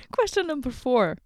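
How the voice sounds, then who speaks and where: A woman's voice: high-pitched, no room sound, clean studio sound. A woman hosting a casual solo podcast, rambling and giggling with self-deprecating jokes, wired on late-night coffee. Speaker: podcast host. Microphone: podcast microphone.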